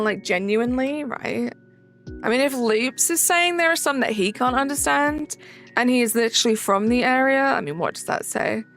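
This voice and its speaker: A woman's voice: high voice, fairly bright tone. A young woman streaming a game, chatting casually and answering chat messages aloud.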